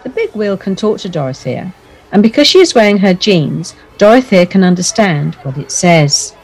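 Female storyteller, lowish and very lively, gentle bedtime narration over soft music. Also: normal speed.

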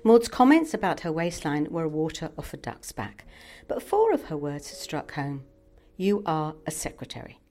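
Lady reading a bedtime story, lowish voice, really lively ups and downs. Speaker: host and narrator. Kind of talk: scripted bedtime story narration.

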